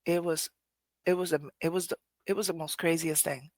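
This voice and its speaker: A host talks through a personal reflection in an earnest, loose way, backing up and restarting phrases and letting a curse slip now and then. The voice sits at a middling pitch and is recorded close and dry, with no room sound. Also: steady tone, brisk, no echo. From Puerto Rico. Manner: earnest, conversational, often restarts phrases, swears casually. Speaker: podcast host.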